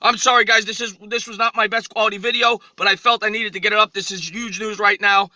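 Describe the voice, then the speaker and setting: Agitated man ranting outdoors, high bright voice. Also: flat delivery, quick pace, no echo, rough recording. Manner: agitated, indignant, repeating himself. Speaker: sports vlogger. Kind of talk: off-the-cuff sports rant. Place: outdoors in a cold city street. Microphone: phone.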